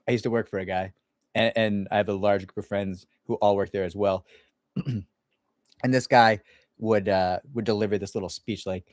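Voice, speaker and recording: Male employment lawyer, casual and blunt, sardonic edge, low pitch, dry close sound. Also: no echo. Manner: blunt, sarcastic, acts out others in mock voices. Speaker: employment attorney and mediator. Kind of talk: casual livestream Q&A.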